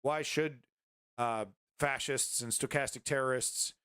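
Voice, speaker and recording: A man's voice: mid-range voice, fairly even intonation, measured pace, fairly bright tone, smooth, dry recording, studio quality. A male host giving rambling, indignant political commentary on a livestream, full of fillers and restarts.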